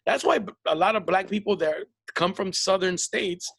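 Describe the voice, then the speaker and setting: A man, hosting a casual comedy podcast chat and telling animated stories. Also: high voice, moderate pace, creaky, husky, no echo. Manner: animated storyteller, slips into impressions. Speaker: podcast host.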